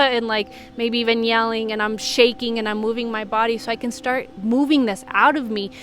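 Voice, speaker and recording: A woman's voice: a little high, a bit bright. A woman who works as a healing coach talks in a candid, earnest vlog monologue, with frequent "like" fillers.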